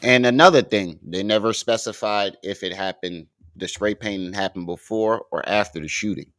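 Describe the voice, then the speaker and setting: A man's voice: fairly low pitch, moderate pace, a bit bright, no room sound, clean studio sound. A man giving profane reaction commentary, mocking and arguing with the clips he plays. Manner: mocking, argumentative, swears heavily. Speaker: commentary streamer.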